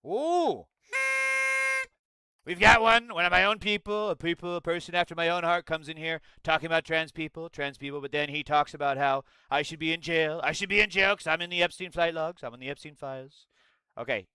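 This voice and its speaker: A young man with a bright, crisp voice hosts a live stream, reacting to his chat. He rants in a sarcastic, crude way. His voice sits a little high and is recorded dry and close, with no room sound. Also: fairly even intonation, fast talker, no room sound. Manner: mocking impressions in a goofy voice. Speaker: political streamer.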